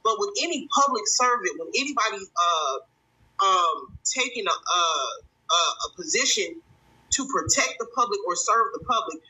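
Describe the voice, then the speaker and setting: A woman hosting a stream and commenting on a viral clip, indignant and halting, with many fillers. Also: medium pitch, expressive, bright, forceful tone, rough recording. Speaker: stream host.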